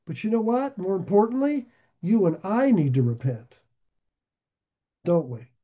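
A man preaching a sermon in an earnest, conversational way, with sarcastic asides and sudden swings between loud emphasis and quiet drops. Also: high-pitched, big pitch swings, a little slow. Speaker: pastor.

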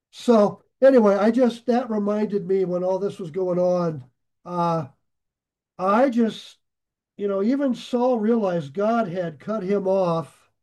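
Leading a Bible study, a man spins a rambling anecdote and chuckles as he goes. His fairly high voice is mellow and warm, and he talks slowly with long pauses in a casual storytelling style.

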